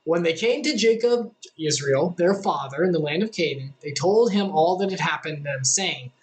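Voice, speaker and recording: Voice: mid-range voice, animated, moderate pace, rough recording. A Bible study leader who reads scripture aloud and then paraphrases it in casual, chatty terms, with plenty of fillers.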